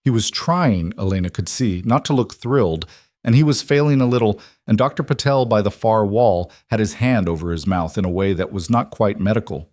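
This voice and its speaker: Low, dry male story narrator. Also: fairly quick, a little mellow, no room sound.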